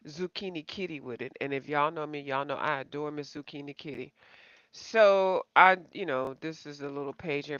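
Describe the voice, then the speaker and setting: Woman streamer, bright chatty voice, rambling and self-deprecating, dry lo-fi recording. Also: deep voice, no echo. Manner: rambling, chatty, addresses viewers as y'all. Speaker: coloring channel host. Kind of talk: casual live-stream chat. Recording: slightly dull, dry home recording.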